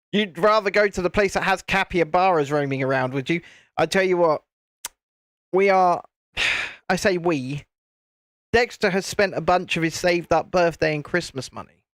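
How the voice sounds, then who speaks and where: A British man with a fairly high voice chats casually on a live stream, answering viewers' comments. He is jokey and laughs easily, and often restarts his sentences as he talks. The sound is dry and close, with no room echo. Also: unhurried, long pauses, fairly bright tone.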